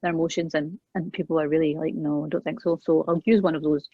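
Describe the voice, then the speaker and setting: A woman guest in an interview, earnestly telling a personal parenting story and acting out the quoted lines, often trailing off softly. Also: low-pitched, steady tone, fast, husky, dry recording. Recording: dull, dry, lo-fi sound.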